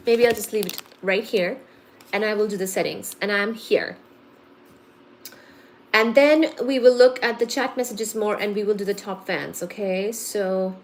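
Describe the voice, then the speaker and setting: A woman's voice: on the high side, a little hiss or hum. A woman hosting a live stream who has a bit of a cold, playfully reading viewer comments aloud and answering them. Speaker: livestream host reading viewer chat. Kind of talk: casual live-stream chat.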